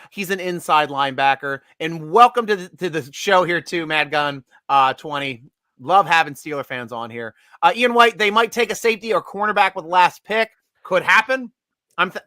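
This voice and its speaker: A man hosting a live fan stream, talking in an excitable, rambling way with frequent restarts. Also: high voice, dry recording, clean studio sound. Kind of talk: excited casual fan commentary.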